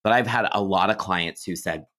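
A man's voice: sits low, normal speed. A man, a psychic medium guest on a podcast, telling stories in a chatty way full of asides and restarts. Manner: chatty, many fillers and restarts, warm storytelling. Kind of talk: casual podcast interview storytelling.

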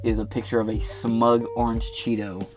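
A man's voice: mid-range voice, flat delivery, normal speed, music in the background. A man hosting an online political commentary show, reading news articles aloud and breaking off into rambling, profane, sarcastic asides.

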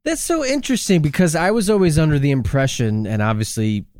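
A man co-hosting a podcast, his voice climbing and dipping in a lively, loose way. He swears freely and laughs easily as he chats. The sound is close and dry, with no room around it. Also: fairly high pitch, a little fast, no echo. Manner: animated, swears a lot, breaks into jokey put-on voices. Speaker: podcast co-host. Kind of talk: casual chat.

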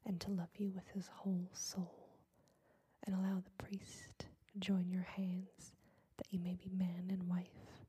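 Whispered role-play: a scornful old sea witch , whispered by a woman, slow, flat, breathy. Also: fairly low pitch. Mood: warning. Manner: soft unvoiced whisper, slow and even. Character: old female sea witch, cruel and mocking.

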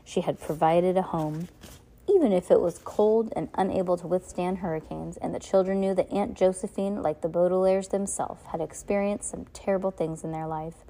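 Woman reader, low and warm, casual read-aloud with restarts. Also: steady tone, moderate pace. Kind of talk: reading a novel aloud.

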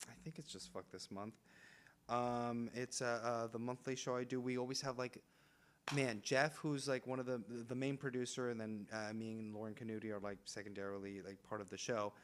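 A man's voice: medium pitch, a bit bright, clear, resonant tone. A young man from Los Angeles, a guest improviser chatting casually and laughing easily. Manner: laid-back, laughs easily. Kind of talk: casual chat.

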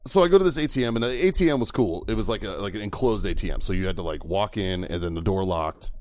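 A man's voice: sits low, quick pace, dry recording. A middle-aged man, a podcast host, telling a story in casual chat with friends, swearing freely and laughing through it. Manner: profane, laughing, animated storyteller.

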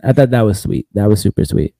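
A man's voice: fairly low pitch, expressive, fast talker, gravelly, mellow, no echo. A man hosting a podcast, recapping casually in a loose rambling way, laughing often and saying "bro" a lot. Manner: laughs often between lines. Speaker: podcast host.

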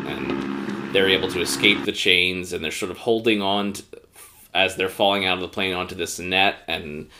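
A man's voice: low voice, fairly even intonation, moderate pace, noisy background. A man co-hosting a podcast, casually recapping an episode with a rambling manner and many fillers. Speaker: podcast co-host.

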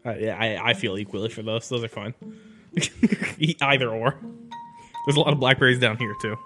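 Deadpan man with music underneath. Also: mid-range voice, normal speed. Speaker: podcast co-host. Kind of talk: casual banter.

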